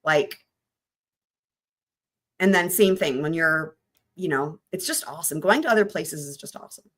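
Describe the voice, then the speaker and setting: A woman's voice: deep voice, moderate pace, a bit bright. A woman hosting a true crime live stream, chatting loosely with her viewers in a rambling, casual way.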